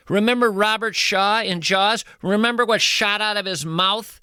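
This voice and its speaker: A male radio host doing a comic monologue with playful mock-outrage and drawn-out emphasis. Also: high voice, bright, forceful tone, clear, resonant tone, dry recording, studio quality, faint music behind.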